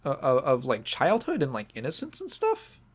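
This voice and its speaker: A man's voice: medium pitch, huge pitch swings, husky. Choked-up man rambling on a podcast. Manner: halting, sentimental, restarts often; choked up, fighting back tears. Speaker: podcast host. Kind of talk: casual podcast monologue.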